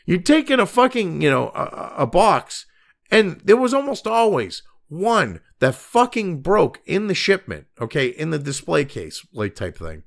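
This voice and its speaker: A man's voice: on the high side, wildly swooping pitch, unhurried, vocal fry, a bit bright. A middle-aged man hosting a commentary show, ranting angrily and sarcastically, swearing constantly as he reacts to the news. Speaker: commentary host. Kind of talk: profane rant reacting to news.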